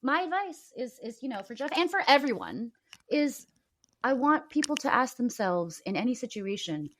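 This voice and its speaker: A woman's voice: on the high side, normal speed, slight background noise. A young woman, a guest on a podcast, telling stories in casual chat and saying "like" a lot. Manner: animated storytelling, frequent "like". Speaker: guest, former reality show contestant.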